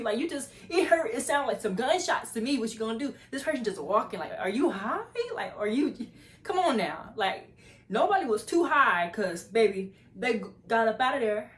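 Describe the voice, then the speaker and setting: A woman's voice: fairly high pitch, expressive, moderate pace. A young woman vlogger telling a story casually and animatedly, acting out the voices of the people in it.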